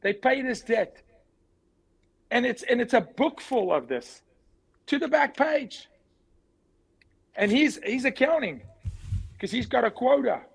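High-voiced man speaking with force. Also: lively intonation, a little slow, vocal fry, pauses often, husky, rough recording. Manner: forceful, emphatic, repeats key words. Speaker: guest. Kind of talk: impassioned interview talk.

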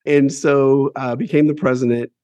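A man's voice: mid-range voice, fairly even intonation, normal speed, mellow, dry recording, muffled recording. A man who runs a publishing company, telling his life story as a guest in a casual interview, candid and emphatic, swearing freely and repeating words as he builds up each point.

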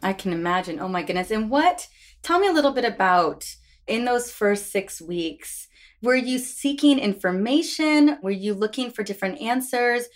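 A woman's voice: medium pitch, lively intonation, moderate pace. A woman interviewer with a mid-range voice asks her guest attentive, supportive questions. She sums up what she has heard before asking the next one. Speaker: interviewer, host.

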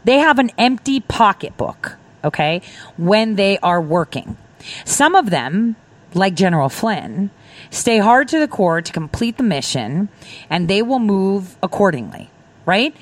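On a political talk radio program, a woman who works as a defense contractor rambles emphatically, playing out quoted back-and-forths as she explains. She speaks a little slowly at a medium pitch with big swings, and there's no echo.

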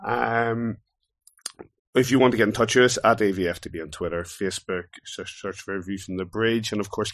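A man hosting a casual sports podcast, briskly running through the week's fixtures. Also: low voice, dry recording. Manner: brisk announcer-style listings of fixtures. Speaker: podcast host.

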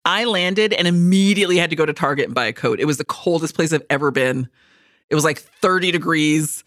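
A woman's voice: deep voice, fairly quick, no echo, studio quality. A woman co-hosting a podcast in casual chat, laughing easily and swearing freely. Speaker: podcast co-host.

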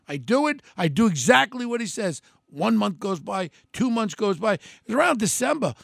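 Older new guy, gravelly and high, swings all over, blunt storytelling. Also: sing-song, normal speed, hardly any pauses, a bit bright, no echo, clean studio sound. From New York City. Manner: blunt, combative, quotes people in changing voices. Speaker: former mayoral candidate telling a story. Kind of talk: animated storytelling monologue.

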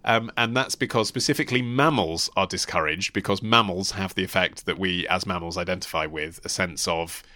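A man co-hosting a podcast, explaining things in a quick, emphatic, chatty way. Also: low voice, bright, forceful tone, no echo. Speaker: podcast co-host. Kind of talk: casual chat.

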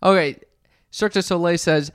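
A man co-hosting a casual podcast with a somewhat high voice. He talks in a teasing, crude, joking way. The sound is dry and close to the mic. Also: moderate pace, clean tone, dry recording. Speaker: podcast co-host. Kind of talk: casual chat and ad read.

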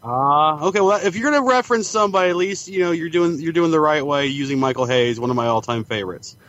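Man, podcast guest, cocky and boastful, slightly high voice, dull lo-fi sound. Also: lively intonation, fast talker, fairly bright tone. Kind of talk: casual podcast interview.

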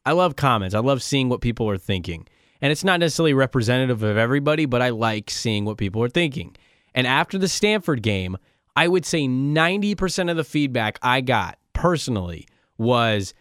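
A man's voice: medium pitch, sing-song, normal speed, a bit bright, clean tone, no room sound, clean studio sound. A man hosting a casual sports podcast, eager and talkative, reading listener questions aloud. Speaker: podcast host.

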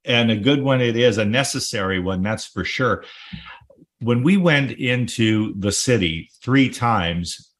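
A man's voice: mid-range voice, animated, measured pace. A man hosting a travel talk show, recalling his own trip in a reflective, enthusiastic way with wordy phrasing. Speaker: host. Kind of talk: casual interview chat.

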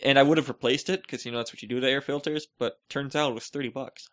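A man co-hosting a podcast, telling rambling stories with jokey, deadpan asides in casual chat. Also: medium pitch, fast talker. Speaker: podcast co-host.

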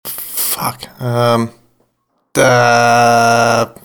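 A man's voice: mid-range voice, monotone, drawn-out words, fairly bright tone, clean tone. A man co-hosting a casual podcast, playful and teasing with his friends. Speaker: podcast co-host. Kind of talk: casual drinking-game banter.

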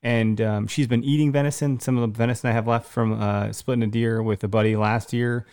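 A man in his thirties from Wisconsin, co-hosting a podcast and telling an excited story in casual chat, with lots of restarts. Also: medium pitch, fairly quick, clean tone. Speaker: podcast co-host.

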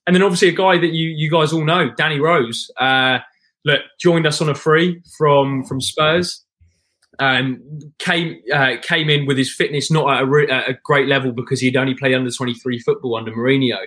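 A man talking as a guest in casual podcast chat, long-winded, with frequent restarts and throat clearing. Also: medium pitch, fairly even intonation, moderate pace, a bit bright. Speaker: guest football fan.

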